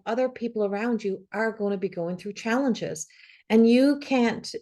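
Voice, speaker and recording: A woman's mellow, medium-pitched voice. In a solo camera video, the psychic reader draws tarot cards for a forecast, encouraging viewers earnestly while thinking aloud, with repeats and restarts.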